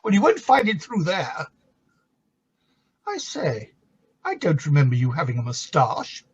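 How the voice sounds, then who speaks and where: A man playing a husky, tipsy camp bishop. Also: on the high side, wildly swooping pitch, unhurried, exaggerated voice. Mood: flirtatious. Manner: fussy, camp, quoting scripture. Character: tipsy, flirtatious middle-aged bishop. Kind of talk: comic stage play reading. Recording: dull lo-fi recording.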